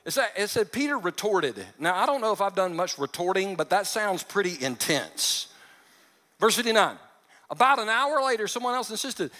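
A male pastor delivering a lively sermon with a high, bright voice that keeps breaking into jokes. His words carry a long reverb, as if spoken in a large church sanctuary. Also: normal speed. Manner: animated, joking asides, acts out quotes.

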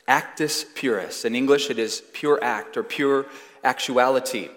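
Male pastor, 30s, emphatic sermon delivery, mid pitch, long hall reverb. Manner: earnest, emphatic preaching with slow stressed phrases. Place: church sanctuary.

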